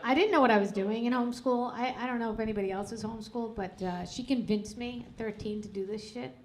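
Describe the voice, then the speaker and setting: A woman's voice: a little high, quick pace. Brash middle-aged woman doing stand-up. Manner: brash, crude, self-mocking. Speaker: stand-up comedian. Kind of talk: stand-up comedy set. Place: comedy club stage. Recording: live club with crowd laughter. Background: audience laughter.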